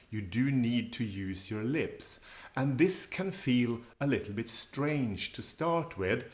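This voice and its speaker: A man teaching a live class, patient and laughing often as he says words slowly for learners to repeat. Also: medium pitch, animated, reverberant. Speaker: Swedish language teacher. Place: presentation room with slides.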